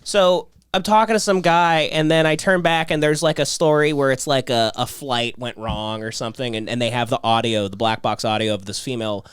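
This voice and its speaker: A man's voice: mid-range voice, fairly quick, hardly any pauses, smooth, dry recording. A man in his thirties telling stories in a casual comedy podcast chat, acting out the people he quotes. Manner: animated, acts out quoted voices while telling stories. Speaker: podcast co-host.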